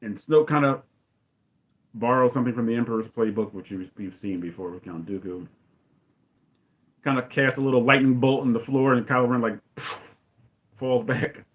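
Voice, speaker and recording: A man in casual commentary, rambling and enthusiastic as he retells a movie scene and acts out lines in quick voices. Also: medium pitch. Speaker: podcast host.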